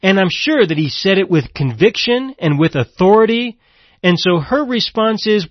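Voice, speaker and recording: A man's voice: high voice, lively intonation, moderate pace, dry recording. A man preaching a broadcast Bible-teaching sermon, emphatic and repeating key phrases for weight. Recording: dull, lo-fi and dry.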